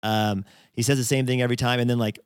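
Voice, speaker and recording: Fast-talking man telling a sales story. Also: mid-range voice, level tone, clean tone, no echo, studio quality. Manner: rambling storytelling with many fillers and acted quotes. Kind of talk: casual chat.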